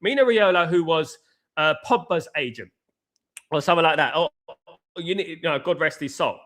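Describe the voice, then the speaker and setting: A man's voice: fairly high pitch, a little fast, a bit bright. A man hosting a casual live football talk stream, ranting emphatically and repeating his points. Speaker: host.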